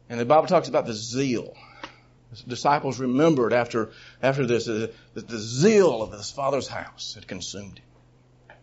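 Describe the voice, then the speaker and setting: A man preaching a sermon, an animated storyteller who chuckles between points and swings from quiet asides to loud bursts. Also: mid-range voice, moderate pace, husky. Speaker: preacher teaching a Bible session. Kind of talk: sermon teaching. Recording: dull lo-fi recording.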